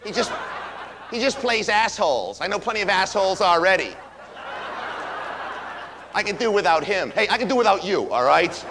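A man's voice: high-pitched, animated, normal speed, pauses often, noisy background. A man playing a sneering, defiant stage ranter. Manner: sneering, defensive, mock-cheerful. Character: defiant, sarcastic male performer taunting the audience. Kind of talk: stage monologue character.

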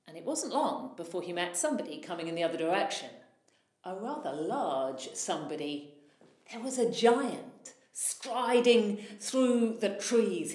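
Slow, animated woman storyteller. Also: mid-range voice. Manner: animated, with sudden swells in loudness. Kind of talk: oral folktale storytelling. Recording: echoey room.

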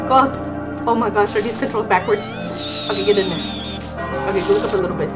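Excitable woman over loud game music. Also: mid-range voice, fast, pauses often. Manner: excitable, swings from muttering to loud panicked yelps. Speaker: gaming streamer. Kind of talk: casual gameplay commentary.

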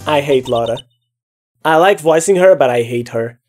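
A woman's voice: very deep voice, expressive, normal speed, darkish tone, faint music behind. A woman streamer giving casual, rambling let's play commentary. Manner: casual, rambling, self-interrupting.

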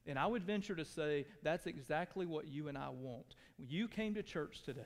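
Pastor, male, high voice, earnest sermon, drops hushed then pleads, echo-filled sanctuary. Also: normal speed. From Texas. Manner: earnest, shifts between hushed tones and raised pleading. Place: church sanctuary. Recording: long hall reverb.

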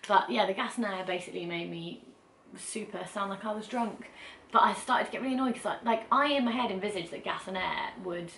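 A woman's voice: medium pitch, gravelly, a bit bright, slight background noise. A young woman, telling a personal story to camera in a candid, chatty way that is full of asides and "like". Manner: chatty and candid, rushing through asides with frequent "like". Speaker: vlogger. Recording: roomy echo.

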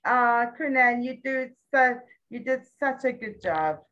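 A woman tutoring a young child one-on-one, patient and full of praise, repeating words slowly. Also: a little high, animated, a bit bright, dull audio. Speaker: English tutor.

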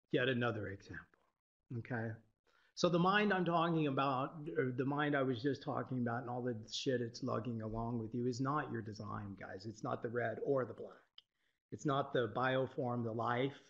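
A man giving an informal, irreverent spiritual talk to a group, swearing freely and laughing often. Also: medium pitch. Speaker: teacher. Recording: dull lo-fi recording.

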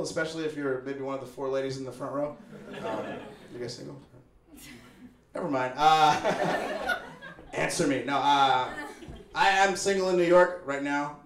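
A young man from Chicago doing a laid-back, wry stand-up set, acting out the people he talks about. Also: mid-range voice. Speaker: stand-up comedian. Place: small apartment living room with a live audience. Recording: roomy live recording with audience laughter.

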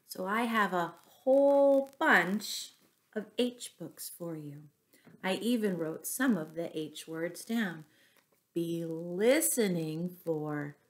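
A woman teacher reading a storytime to young children, slow, sing-song and encouraging. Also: lowish voice.

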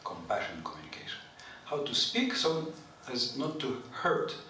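A male scripture lecturer speaks at a moderate pace to a live group in a temple hall, his voice very lively in pitch. Informal and chatty, he animatedly asks the audience questions and often clears his throat, while the off-mic, distant recording is very echoey with faint noise.

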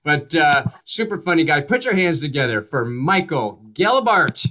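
A man's voice: a little high, big pitch swings, normal speed, pushed and bright, slight background noise, low-quality recording. A man hosting an online comedy show, casually introducing the next comedian, with a loose, hesitant delivery. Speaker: show host.

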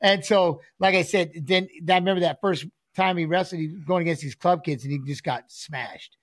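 Brief: middle-aged man, slightly high voice, dry close mic, rambling anecdotes with quoted dialogue. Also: a little fast, dry recording. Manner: storytelling, acts out quotes of his son and himself. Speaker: guest, former fighter; volunteer high school coach. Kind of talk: casual podcast chat.

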